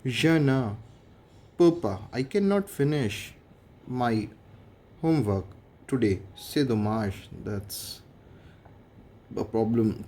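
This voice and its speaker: Mellow-voiced man with an Indian English accent. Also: mid-range voice, lively intonation, takes it slowly, pauses often. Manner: methodical, translates each example line by line. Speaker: French teacher. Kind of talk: classroom grammar explanation.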